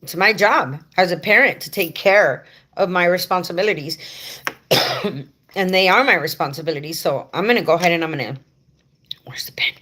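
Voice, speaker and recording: Speaking briskly in a fairly low, slightly bright voice, a woman hosts a relaxed livestream for home care workers through a head-mounted rig with a bit of hiss or hum. Talkative and rambling, she addresses viewers directly with affectionate asides.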